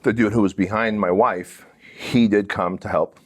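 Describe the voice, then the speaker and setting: A middle-aged man hosting a podcast, telling a story in a lively, profane way and acting out the other people's voices. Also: on the low side, normal speed. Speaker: podcast host. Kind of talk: casual storytelling. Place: podcast studio.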